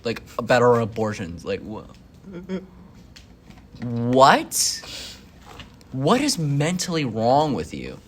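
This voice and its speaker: A young man hosting a casual chat, telling stories with animated, incredulous questions. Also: mid-range voice, takes it slowly, pauses often, a little hiss or hum. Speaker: host.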